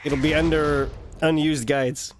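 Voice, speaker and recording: Man, somewhat high voice, blunt, matter-of-fact, gaming chat. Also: flat delivery, a little slow, slight background noise. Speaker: fellow player on voice chat.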